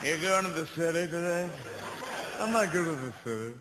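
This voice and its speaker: A man's voice: on the high side, expressive, moderate pace. A British man doing a stand-up comedy routine on stage, rambling and digressive, correcting himself mid-sentence and swearing often, with a live audience laughing. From Britain. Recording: echoey live venue with crowd and noise.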